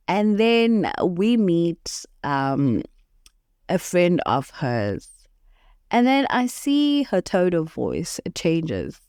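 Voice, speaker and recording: A woman hosting a motivational podcast, speaking in an unhurried, reflective way and often laughing at her own stories. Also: on the low side, darkish tone, clean tone, no room sound, clean studio sound. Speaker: podcast host.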